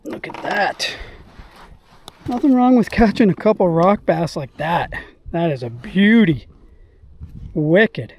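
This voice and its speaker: A man narrating his own fishing trip from a kayak outdoors, chatting casually and bursting into excited exclamations. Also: sits high, takes it slowly, pauses often, a little hiss or hum. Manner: excitable, bursts of exclamations while landing fish. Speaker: fishing vlogger. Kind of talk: casual on-the-water commentary. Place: outdoors on a lake or river from a kayak.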